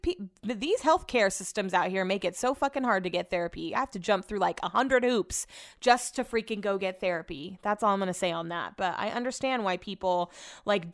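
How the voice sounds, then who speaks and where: A young woman hosting a casual solo podcast, chatty and animated, telling stories and swearing casually. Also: medium pitch, dry recording, clean studio sound. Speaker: podcast host.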